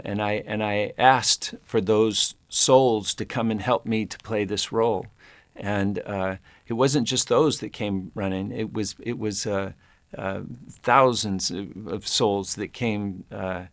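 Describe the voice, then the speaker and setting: Low-voiced man in his sixties, halting. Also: no room sound. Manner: halting and thoughtful, frequent restarts and fillers. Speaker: actor recalling a film. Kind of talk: reflective interview recollection.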